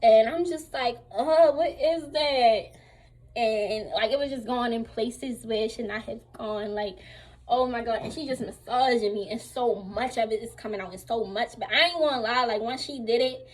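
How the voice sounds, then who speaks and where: A young woman telling a casual storytime to her viewers, candid and slangy, animated as she retells what happened. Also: fairly high pitch, normal speed, low-quality recording. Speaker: vlogger.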